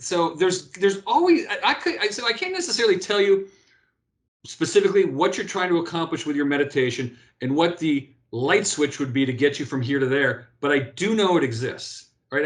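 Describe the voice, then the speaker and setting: A man in his fifties talks in a fairly high voice as an interview guest. He tells stories animatedly, restarting sentences and tagging them with "right?". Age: 50s. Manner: animated storyteller, frequent restarts and "right?" tags. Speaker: guest, former pro beach volleyball player. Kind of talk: casual interview talk.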